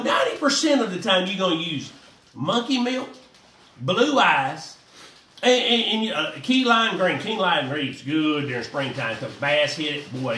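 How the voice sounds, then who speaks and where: A man's voice: sits high, far from the mic. A man, rambling casually through a fishing how-to vlog and talking straight to his viewers. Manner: rambling, animated, talks to viewers as y'all. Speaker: fishing vlogger. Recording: roomy echo, voice a bit off-mic, faint noise.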